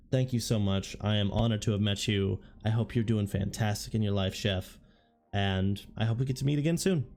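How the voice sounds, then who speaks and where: A man with a worn, hoarse voice talks through a relaxed, rambling recap, often restarting his sentences. His tone is mellow and warm, and soft music plays faintly underneath. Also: mid-range voice. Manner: casual, rambling, with frequent restarts. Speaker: tabletop wargame content creator.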